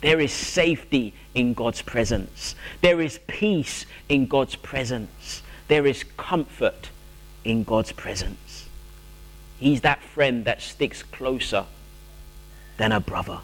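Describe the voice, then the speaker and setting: A man preaching a sermon, drawing out his phrases, rising to emphatic peaks and falling to a soft hush on solemn words. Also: mid-range voice, expressive. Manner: slow, drawn-out preaching with swelling emphasis.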